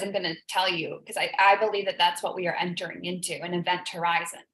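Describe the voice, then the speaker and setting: A mid-range, slightly bright female voice comes from an echoey room. She hosts a live business coaching stream, and her motivational talk is emotional and earnest, repeating phrases for emphasis.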